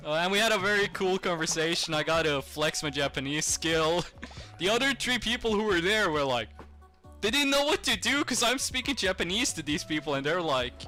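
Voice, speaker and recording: A young man streamer telling a rambling, animated story to his chat, laughing often. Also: on the high side, fairly quick, soft background music. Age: young adult.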